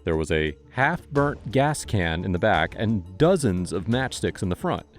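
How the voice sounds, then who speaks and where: Lively low-voiced true-crime narrator. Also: male voice, unhurried, soft background music. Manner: wry asides in a storytelling delivery. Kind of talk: scripted narration.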